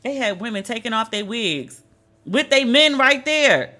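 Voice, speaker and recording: A woman tells a story in a casual, animated way. She swings between disbelief and exasperation. Her voice is bright and sharp. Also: a little high, a little slow. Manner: animated, exasperated retelling with quoted dialogue.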